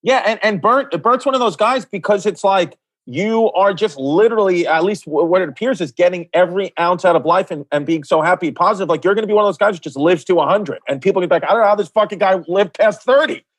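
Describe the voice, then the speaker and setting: A comedian guest on a podcast talks fast and eagerly in a high voice. His chat is loose and enthusiastic, with casual swearing. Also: poor audio.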